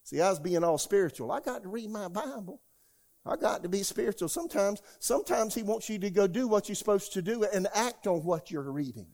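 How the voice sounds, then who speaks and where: A man, preaching a sermon as a pastor. He tells stories from his own life and shouts out the lines he quotes. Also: high voice, animated, fairly quick. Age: 60s. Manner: storytelling, rising to shouts when quoting God.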